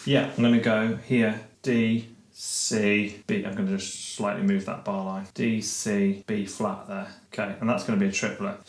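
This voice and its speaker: Guy teaching jazz, scats the rhythms out loud, roomy echo. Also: lowish voice. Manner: hums and scats the rhythms, talks casually. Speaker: music teacher. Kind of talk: thinking aloud while writing a solo.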